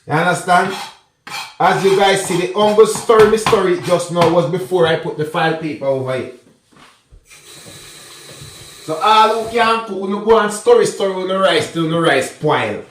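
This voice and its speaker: Jamaican man, home cooking vlog; high voice, chatty patois, roomy kitchen sound. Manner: chatty patois mixed with English, addresses viewers directly. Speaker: cooking vlogger. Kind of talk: casual cooking tutorial.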